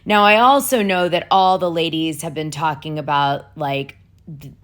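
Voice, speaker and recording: A woman's voice: deep voice, moderate pace, fairly bright tone. A woman hosting a casual gossip vlog, chatty and profane, reading messages aloud as she goes. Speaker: gossip show host.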